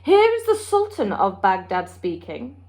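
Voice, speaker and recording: A woman's voice: medium pitch, huge pitch swings, unhurried, a little mellow. A woman doing a blunt sultan. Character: blunt, matter-of-fact male sultan.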